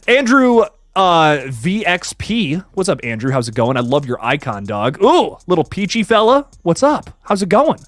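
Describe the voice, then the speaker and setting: An excitable young man talks casually to his live-stream audience. His voice sits high for a man and jumps all over the place as he gushes. The sound is dry and close, with no room around it. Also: moderate pace, few pauses, no echo. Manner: excitable, swears, greets chatters by name. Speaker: livestream host reviewing films.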